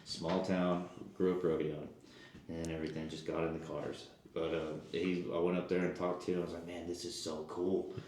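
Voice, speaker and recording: A man's voice: deep voice, normal speed, slight background noise. A man from Texas, a podcast guest telling stories casually and acting out quotes. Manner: animated, acts out quotes, stumbles and restarts. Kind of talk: casual storytelling. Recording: very echoey room.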